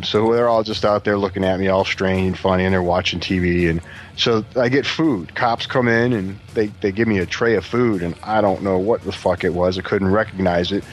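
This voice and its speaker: A man casually telling a story to friends, animated and profane, acting out what others said. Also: low voice, slight background noise. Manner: animated, profane, acts out quotes. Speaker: podcast guest telling a story.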